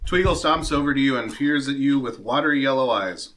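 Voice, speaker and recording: A man's voice: medium pitch, fairly quick, a bit bright. A man narrating a tabletop role-playing game as game master, reading scene descriptions with playful asides.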